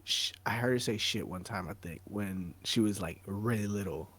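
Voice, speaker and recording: Slangy, animated man telling a story. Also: on the low side, normal speed. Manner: slangy, animated storyteller, says "bro" and "dog" a lot. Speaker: podcast co-host. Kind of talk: casual chat.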